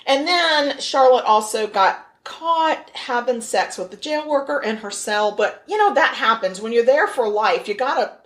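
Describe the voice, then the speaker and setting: A woman's voice: a little high, expressive, normal speed, few pauses, a bit bright. A middle-aged woman co-hosting a podcast, chatting casually as a jokey storyteller who laughs often. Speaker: podcast co-host. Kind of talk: casual chat.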